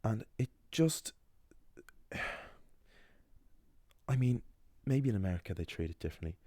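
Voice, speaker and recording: Young man, low register, loose conversational to-camera delivery full of ums, dry recording. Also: expressive, slow pace, warm tone, no echo. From Ireland. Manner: rambling, conversational, many fillers and restarts. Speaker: language channel host. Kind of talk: casual talking-head monologue.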